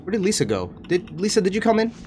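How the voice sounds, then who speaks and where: A young man streaming a horror game, chattering to viewers in an excitable, panicky way. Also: high voice, fast, music in the background. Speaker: gaming streamer. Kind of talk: horror game let's play commentary.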